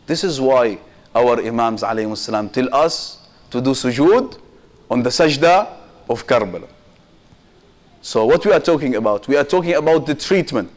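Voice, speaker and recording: A man's voice: medium pitch, lively intonation, normal speed. A man giving a Muharram sermon as a sheikh, with impassioned emphasis that rises and falls and quotations in Arabic. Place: community mosque hall.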